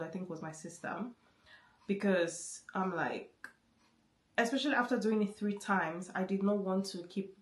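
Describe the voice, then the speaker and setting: A woman's voice: fairly low pitch, darkish tone. A woman vlogger telling a story in casual chat, with many restarts and repeated words. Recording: roomy echo.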